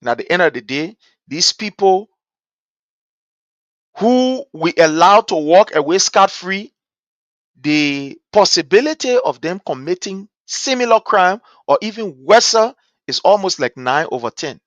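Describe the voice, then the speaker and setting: A man's voice: high voice, very animated, measured pace, fairly bright tone, dry recording, muffled recording. Impassioned Liberian man, dry sound. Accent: Liberian English. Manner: rhetorical, repeats points, asks "guess what". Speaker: political talk show host. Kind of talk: impassioned commentary.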